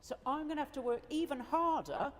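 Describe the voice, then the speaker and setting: A woman's voice: high voice, animated, fairly quick, in a large hall. A woman organist giving a chatty, enthusiastic talk to an audience after a competition. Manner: chatty and enthusiastic, with laughs and asides. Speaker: organist adjudicator. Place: school hall.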